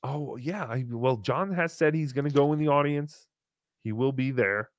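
A man's voice: mid-range voice, moderate pace, no echo, clean studio sound. A man hosting a call-in podcast, chatting casually in a wry, rambling way and swearing freely. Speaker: podcast host taking calls.

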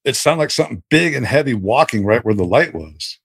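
A man as a podcast guest telling a story casually, animated and rambling with many restarts. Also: mid-range voice, a little fast, breathy edge, no echo.

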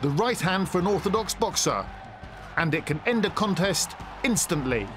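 A man reading a scripted sports narration in a measured way. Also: high voice, lively intonation, music in the background.

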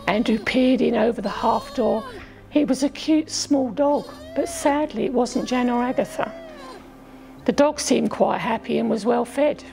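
A woman from England narrating a children's storybook aloud, gently voicing the characters' lines as she goes. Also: on the high side, gravelly, low-quality recording. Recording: faint music behind.

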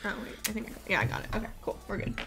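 A woman's voice: mid-range voice, very animated, very fast, a bit bright, soft background music. A woman hosting a livestream, chatting casually and bubbly while building a toy set. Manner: bubbly, easily amused. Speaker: livestream host.

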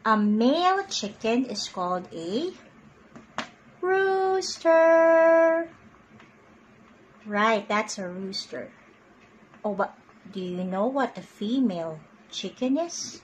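A young adult woman reading picture books aloud to children in an animated, sing-song voice. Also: mid-range voice, a little slow, highs cut off, slight background noise. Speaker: children's storyteller.

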